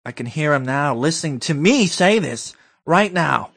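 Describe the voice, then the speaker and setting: A man hosting a comedy talk-radio show, ranting blusterily and building to shouted outbursts. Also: a little high, animated, normal speed, gravelly.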